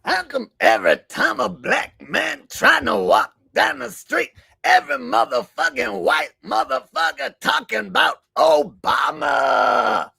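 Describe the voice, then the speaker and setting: A man doing a shouting comedian impression. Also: very high voice, big pitch swings, measured pace, vocal fry, husky, dry recording, clean studio sound, voice pushed up, full character voice. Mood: ranting. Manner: loud, emphatic, rhythmic ranting. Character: impression of a famous male comedian, shouting rants.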